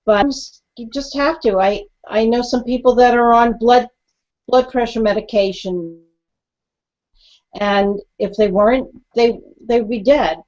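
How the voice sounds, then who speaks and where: Woman on a web talk panel, slow and halting, muffled audio. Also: fairly high pitch, a little mellow. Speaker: co-host. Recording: dull lo-fi web-show audio.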